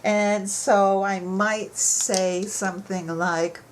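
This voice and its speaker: A woman's voice: mid-range voice, fairly even intonation, very slow, noisy background. A woman author giving a playful writing lesson to children, lingering on her puns and repeating them.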